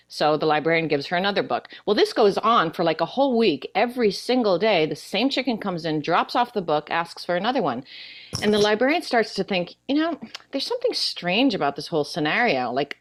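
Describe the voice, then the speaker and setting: An older woman, an actress guest in a casual interview, chatting and telling a long joke in an animated way. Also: fairly low pitch.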